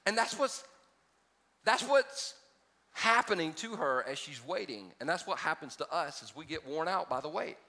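In a church auditorium, a male pastor moves from humorous storytelling to emphatic exhortation before his congregation. He sounds on the high side, lively in intonation, bright and forceful at a moderate pace, and the room leaves a long reverb tail.

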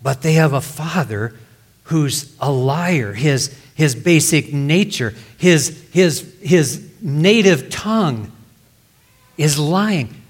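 A man's voice: fairly high pitch, animated, takes it slowly. A man preaching a sermon, reading scripture aloud and explaining it in plain words. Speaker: pastor.

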